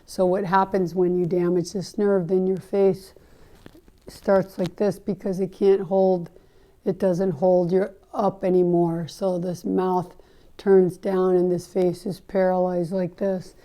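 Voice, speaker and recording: A woman's voice: lowish voice, little pitch movement, slow pace, warm tone. A woman hosting her own podcast as a natural health practitioner, telling a story in an earnest, heartfelt, rambling way. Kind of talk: casual storytelling monologue.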